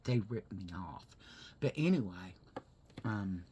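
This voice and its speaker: A woman's voice: a bass voice, lively intonation, slow, mellow, a little hiss or hum. A woman chatting while she does her makeup and telling a story that grows heated. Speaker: vlogger. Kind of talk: casual chat while doing makeup.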